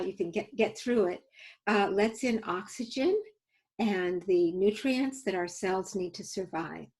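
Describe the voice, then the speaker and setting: A woman's voice: medium pitch, poor audio. Woman, safety educator, webinar teaching, earnest storytelling, video call mic. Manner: earnest, storytelling, coaching the audience through exercises. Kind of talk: webinar teaching with live demos.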